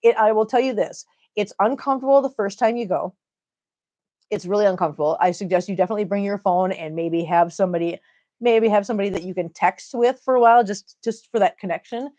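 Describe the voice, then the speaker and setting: A middle-aged woman with an Upper Midwest American accent talks loosely to her live-stream viewers. She laughs easily and answers comments aloud in a relaxed, chatty way, with a voice of average pitch. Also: fast talker, highs cut off. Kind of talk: casual live-stream chat.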